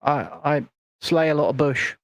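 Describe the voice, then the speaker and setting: A man playing a grandiose, self-important male internet guru who talks about himself in the third person, deadpan, over a video call. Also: a little high, moderate pace, no echo, close to an everyday voice. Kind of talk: comedic livestream chat.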